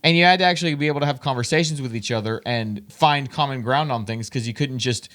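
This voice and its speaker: A man from Tennessee co-hosting a podcast, talking in a casual, animated, rambling way. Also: medium pitch, fast talker. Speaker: podcast co-host. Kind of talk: casual chat.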